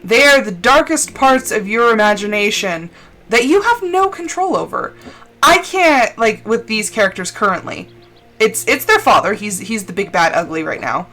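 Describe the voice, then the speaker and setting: A woman streamer chatting casually and expressively while playing a game, full of fillers and quick laughs. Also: mid-range voice, animated, bright, forceful tone, soft background music. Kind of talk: casual chat while gaming on a live stream.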